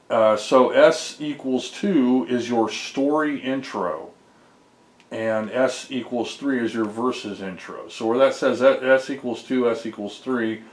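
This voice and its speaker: A man's voice: medium pitch, measured pace, roomy sound. A man, a homebrew game developer, casually walks through his game code. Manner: rambling, explains code step by step with fillers. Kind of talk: casual screen-recorded dev vlog.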